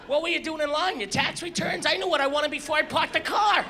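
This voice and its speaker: A man doing a stand-up comedy set on stage, exasperated and ranting, bursting into loud shouts before a live audience. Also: very high voice, fast talker. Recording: live show with audience laughter and noise.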